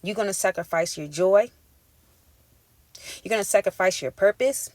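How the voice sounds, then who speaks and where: A woman's voice: mid-range voice, normal speed, a little mellow, dry recording. A woman giving a tarot reading as an emphatic, profane pep talk in casual street slang. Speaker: tarot reader. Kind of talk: intuitive tarot reading monologue.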